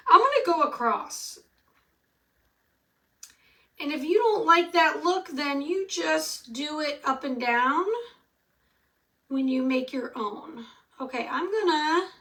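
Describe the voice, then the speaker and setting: A woman's voice: sits high, fairly bright tone, recorded from a distance. A middle-aged woman hosting a live craft tutorial, chatty and answering viewer comments as she works. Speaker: craft tutorial host selling supplies.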